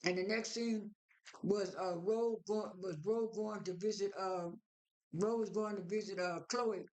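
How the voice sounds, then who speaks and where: A man's voice: sits high, fairly even intonation, unhurried, darkish tone. A man in his sixties walks through a reality show episode scene by scene. He talks casually and loosely, stumbling over restarts and repeating words as he goes. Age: 60s. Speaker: show recap vlogger.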